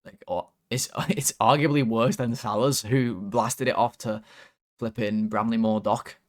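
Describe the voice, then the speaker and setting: A man's voice: medium pitch, steady tone, unhurried. A man hosting a fan channel, rating players in a casual, rambling, exasperated way with lots of fillers.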